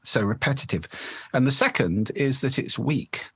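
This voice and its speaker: A man who is an expert on the voice, explaining speaking habits in a measured, articulate way during an interview. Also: mid-range voice, animated, husky.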